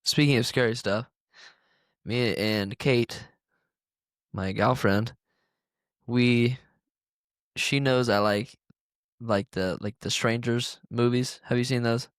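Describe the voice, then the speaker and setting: A man's voice: medium pitch, fairly even intonation, slow, pauses often, clean tone, no room sound, studio quality. A young man co-hosting a podcast, telling a story in a rambling, casual way full of fillers. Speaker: podcast co-host. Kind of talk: casual chat.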